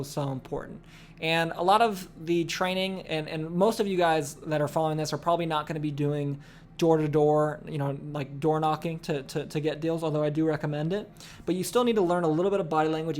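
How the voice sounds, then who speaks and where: Young guy teaching sales, rambly, says okay a lot, bit of hiss behind. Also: a little high. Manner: rambling, lots of fillers and "okay?" check-ins. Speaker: course instructor. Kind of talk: casual sales training talk.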